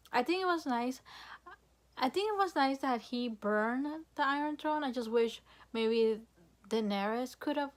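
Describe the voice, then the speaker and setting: A young woman vlogging a casual, rambling rant, frustrated and full of fillers and swearing. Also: a little high.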